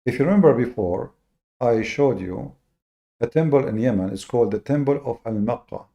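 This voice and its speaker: A man hosts a lecture-style monologue in a gravelly, mellow, dark voice of medium pitch. He's animated, hitting key words with slow, deliberate emphasis while stumbling over fillers and repeated words. The audio sounds dull.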